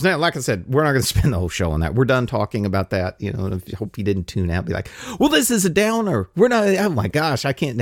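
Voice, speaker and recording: A man's voice: on the low side, no echo, studio quality. A man hosting a podcast alone, rambling through listener mail with restarts and chuckles. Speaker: podcast host. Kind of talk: casual solo podcast monologue, reading listener mail.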